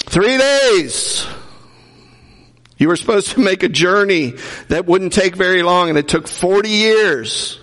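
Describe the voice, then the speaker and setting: A man's voice: high-pitched, normal speed, a bit bright. A male pastor preaching a sermon in a conversational way, with jokes and acted-out quotes, in a church. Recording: hall reverb.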